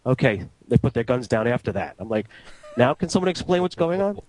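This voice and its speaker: A man working as a radio transmitter engineer, telling anecdotes in a casual, animated way and acting out the dialogue. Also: mid-range voice, brisk, rough recording. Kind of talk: casual storytelling.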